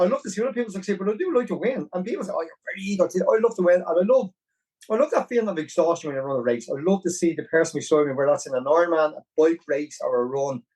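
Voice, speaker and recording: A man in his forties with a Dublin Irish accent, a podcast guest telling his story in an animated, self-deprecating way. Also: on the high side, recorded from a distance, rough recording. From Ireland. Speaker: podcast guest, marathon runner. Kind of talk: casual storytelling interview.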